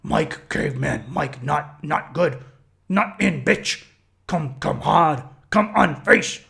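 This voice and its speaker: A man voicing a crude, aggressive primal caveman voice inside his head, shouting and grunting in broken words. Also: fairly high pitch, sing-song, slow, vocal fry, exaggerated voice.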